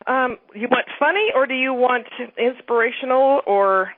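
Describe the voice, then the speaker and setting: A middle-aged woman with a high voice, a guest author and comedian, chats animatedly at normal speed and reads from her own book during a casual phone interview. The line sounds tinny and dry, with no room sound.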